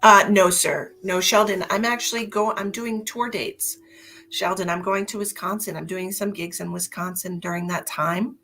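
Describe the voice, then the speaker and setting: A woman's voice: mid-range voice, steady tone, moderate pace, bright, forceful tone. A middle-aged woman hosting a casual live stream as a psychic medium, rambling chattily to her viewers with lots of fillers.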